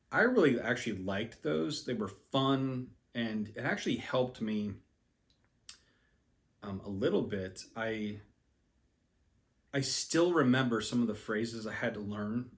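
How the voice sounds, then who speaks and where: A man casually telling a personal travel story, rambling with many ums and restarts, self-deprecating about his skills. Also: fairly low pitch. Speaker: language learner.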